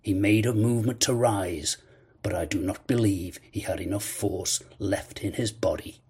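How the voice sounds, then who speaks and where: A man narrating a classic adventure novel in a measured storytelling manner. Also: fairly low pitch, darkish tone, husky. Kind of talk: audiobook narration.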